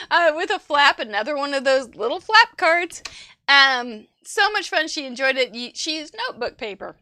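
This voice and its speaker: A woman's voice: high-pitched, bright, forceful tone, dry recording. A woman hosting a live crafting show, chatting effusively and rambling as she shows off viewers' cards, laughing often. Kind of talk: live-stream casual chat, showing viewer cards.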